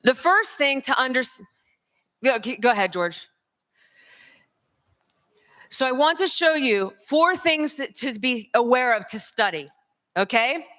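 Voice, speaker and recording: A woman from North Carolina with a Southern accent, giving a lively conference lecture straight to the audience. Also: high voice, measured pace, pauses often. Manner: lively, addresses the crowd directly. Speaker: conference speaker. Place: large conference hall. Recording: long hall reverb.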